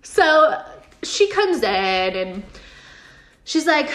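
Young woman, slightly high voice, snarky casual recap host. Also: expressive, measured pace, fairly bright tone. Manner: sarcastic, swears, laughs often, quotes characters in mocking voices. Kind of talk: casual episode recap chat.

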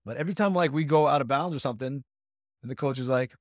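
Fast-talking animated man, dry sound. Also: no room sound. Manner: animated, acts out quotes in higher voices. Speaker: podcast co-host, judo coach. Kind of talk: casual storytelling chat.

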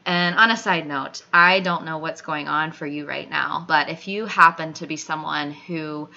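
A woman speaking as an earnest motivational host, talking straight to you in a bright, forceful voice with a slightly low pitch. The recording sounds dull and lo-fi. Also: normal speed, gravelly. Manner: earnest, encouraging, talks straight to the listener. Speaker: podcast host. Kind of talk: motivational monologue. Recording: dull lo-fi audio.

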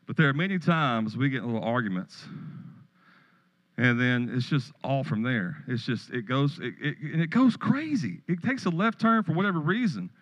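A man's voice: medium pitch, very animated, moderate pace, a bit bright, rough recording. A middle-aged man pastor preaching a sermon, telling stories and joking with the congregation in a church. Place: church sanctuary.

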